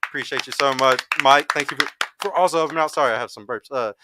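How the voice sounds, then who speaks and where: A man's voice: mid-range voice, noisy background. A young man hosting a podcast panel, talking bluntly and swearing freely in casual chat. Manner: blunt, profane, fast-talking. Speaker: podcast host.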